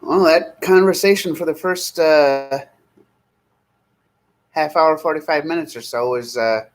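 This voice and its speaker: On a rough recording, a thirty-something man with a fairly high-pitched voice runs a live stream. He chats and rambles in an easygoing way, taking his time whenever he reads out names.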